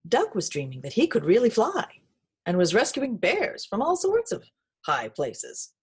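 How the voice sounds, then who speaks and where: Woman, picture book read-aloud, sing-song, lively pitch, slightly breathy. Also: unhurried. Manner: expressive, sing-song storytelling. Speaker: reader.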